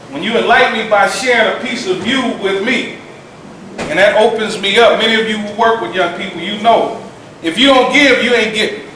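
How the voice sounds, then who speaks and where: A man's voice: high voice, pushed and bright, a little hiss or hum. A man leading a community meeting, stressing and repeating his key points to the room. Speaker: meeting organizer. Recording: echoey room from far off.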